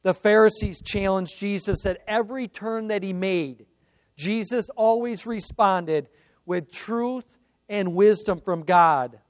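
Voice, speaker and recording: A man's voice: sits high, slow pace, dry recording. A man preaching a sermon, building through emphatic repeated phrases. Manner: preaching with rising emphatic repetition. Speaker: pastor.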